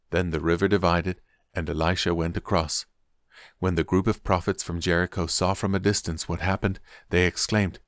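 A man with a very low, deep voice reads scripture aloud in a measured, deliberate storytelling manner. The recording is close and dry, with no room sound. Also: steady tone, no echo. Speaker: Bible reader.

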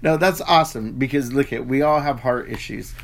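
A man's voice: medium pitch, a little fast, creaky, crowd noise. A man co-hosting a casual faith podcast with his wife, joking and laughing often as he teases and chats. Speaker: podcast co-host.

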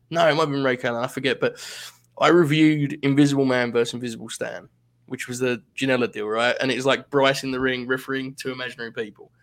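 A man's voice: mid-range voice, fairly bright tone. A man co-hosting a podcast in casual chat, laughing often, swearing and rambling through asides. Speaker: podcast co-host.

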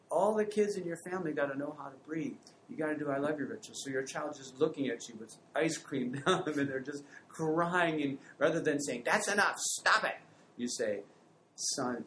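Animated storytelling man giving advice. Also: medium pitch, slight background noise, rough recording. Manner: animated storytelling, acts out family voices. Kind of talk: conversational advice.

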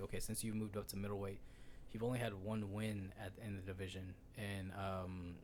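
A man's voice: on the low side, a little hiss or hum. A man co-hosting a casual sports podcast, rambling and swearing freely with lots of fillers. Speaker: podcast co-host.

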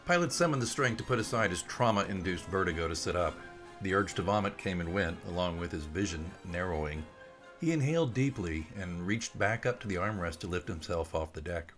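A man reading his own story aloud in a measured, even storytelling voice. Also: deep voice, soft background music. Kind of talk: audiobook narration.

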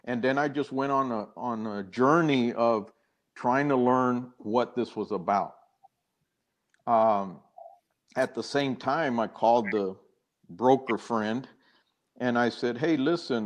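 Older man, interview guest, personal story, hesitant restarts, quotes people aloud. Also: medium pitch. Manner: earnest and halting, acting out quoted dialogue.

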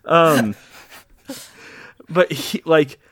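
A man's voice: fairly high pitch, extremely slow, a bit bright, dry recording, studio quality. A man co-hosting a podcast, chatting casually about a movie and laughing often as he tells stories. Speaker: podcast co-host. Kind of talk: casual chat.

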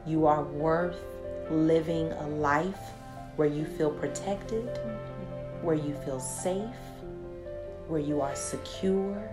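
A woman podcast host guiding a slow, soothing meditation with affirmations, then giving the show's closing. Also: deep voice, over music. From Texas. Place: studio with a live audience.

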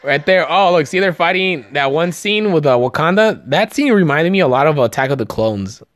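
A man's voice: on the high side, fairly quick, no room sound, studio quality. A man hosting a podcast, breaking down a movie trailer in a casual, joking and profane way, often tripping over his words. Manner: excited, jokey, profane, stumbling over words. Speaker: podcast host.

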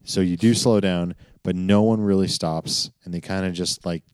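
A man's voice: sits low, fairly even intonation, moderate pace, darkish tone, smooth, no echo. A young man co-hosting a casual travel podcast, talking in a laid-back, dryly joking way. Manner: laid-back, dry humor. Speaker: podcast co-host.

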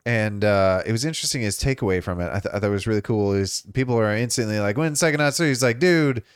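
A man's voice: lowish voice, fast talker, clear, resonant tone, no room sound, clean studio sound. A man co-hosting a gaming news show, chatting in a laid-back, joking way. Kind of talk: casual gaming news chat.

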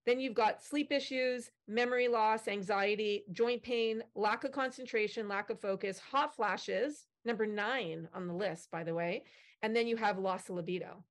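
A woman's voice: mid-range voice, moderate pace. A woman in her forties or fifties, in menopause, chatting casually on a video call panel and acting out quoted remarks. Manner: chatty, animated, acts out quotes. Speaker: panelist, company founder.

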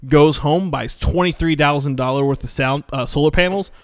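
A man's voice: fairly high pitch, normal speed, no echo, clean studio sound. A man chatting casually about a bad movie, rambling, swearing and trailing off mid-thought. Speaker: podcast co-host reviewing bad movies. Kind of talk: casual profane chat.

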